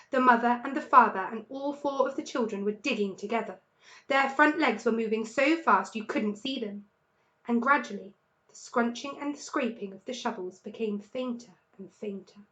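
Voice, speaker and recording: A woman with an English accent, a teacher reading a children's storybook aloud in an expressive, lively way. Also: fairly high pitch, dull audio.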